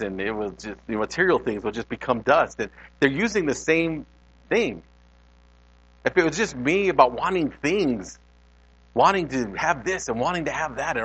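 A man's voice: mid-range voice, fairly bright tone, rough recording. Conversational male pastor preaching. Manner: conversational, talks to the congregation. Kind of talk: sermon. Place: church.

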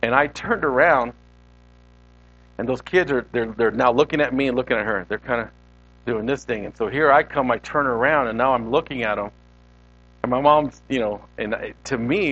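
A man preaching a sermon, telling a story with sudden loud exclamations and quiet, hushed passages. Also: medium pitch, brisk, husky, highs cut off. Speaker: pastor.

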